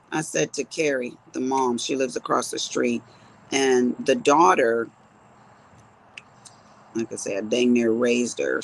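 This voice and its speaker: A woman in her fifties who chats to her viewers while crafting. She tells stories in a low voice. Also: creaky, rough recording. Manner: chatty storyteller talking to viewers as she works. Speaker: crafting vlogger. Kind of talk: casual chat while crafting.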